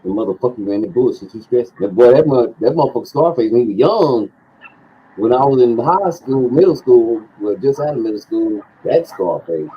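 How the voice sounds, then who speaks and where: A man's voice: mid-range voice, lively intonation, moderate pace, a little hiss or hum. A man in casual chat about rappers, laid-back and reminiscing, with some swearing. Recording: dull muffled lo-fi sound.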